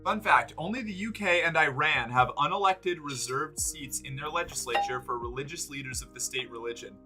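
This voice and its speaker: Over music, a man from the United States talks fairly quickly in a slightly high voice as he casually chats with his livestream audience. He rambles, leans on lots of fillers, and swears freely.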